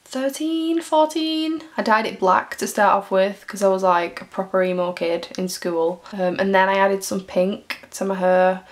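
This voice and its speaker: A woman's voice: medium pitch, little pitch movement, normal speed, hardly any pauses. A young woman from Greater Manchester with a Mancunian accent, chatting casually and giggling as she answers fan questions in a vlog. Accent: Mancunian English. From Greater Manchester, England. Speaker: YouTuber.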